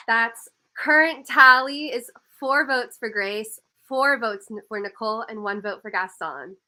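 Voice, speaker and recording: Slow, bright-voiced woman hosting. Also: on the high side, poor audio. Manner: slow, suspenseful announcing. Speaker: host of an online game finale. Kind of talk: slow, drawn-out vote reveal.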